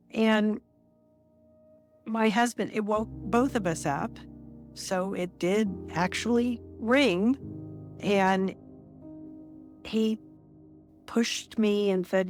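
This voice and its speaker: A woman in her sixties, an interview guest, telling a personal story in a measured, reflective way with pauses between phrases. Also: mid-range voice, faint music behind.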